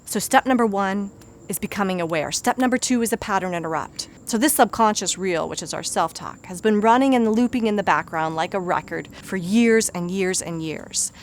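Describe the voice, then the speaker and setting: Woman, thirties, life coach, encouraging, conversational self-help talk, medium pitch. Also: normal speed, slight background noise.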